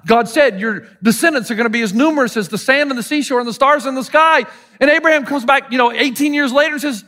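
A very high voice at a quick pace belongs to a middle-aged Southern pastor giving a sermon. Storytelling is animated, and he voices the people he quotes, all in an American Southern accent.

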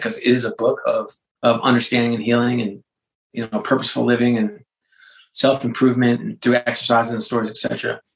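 A man, a sports executive and author, talking casually as an interview guest, with lively storytelling and frequent restarts. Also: medium pitch, gravelly, low-quality recording.

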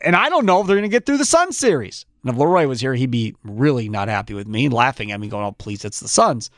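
A man hosting a sports talk show, giving strong opinions in an animated way with quick restarts. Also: mid-range voice, dry recording, studio quality.

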